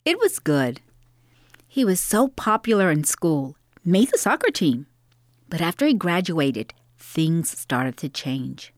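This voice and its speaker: A woman's voice: fairly low pitch, sing-song, takes it slowly, dry recording, studio quality. Reflective middle-aged woman narrating. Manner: reflective, wry. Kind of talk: dramatic monologue narration.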